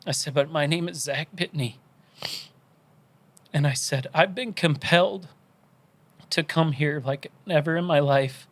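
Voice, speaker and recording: Tearful man telling his faith story. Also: a little high. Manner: earnest, animated storytelling with quoted inner voices. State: tearful, crying. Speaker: podcast guest.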